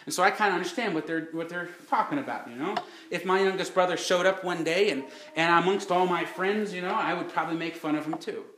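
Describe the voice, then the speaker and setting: A man's voice: sits high, fast, few pauses, a bit bright, slight background noise. Preacher man with a folksy, echoey sermon. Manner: folksy storytelling with rhetorical questions and restarts.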